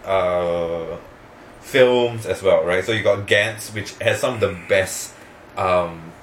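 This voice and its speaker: A man's voice: sits low, slow, reverberant, a little hiss or hum, poor audio. A man co-hosting a podcast, chatting casually and enthusiastically with lots of fillers and restarts. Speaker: podcast co-host. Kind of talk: casual chat, recommending anime.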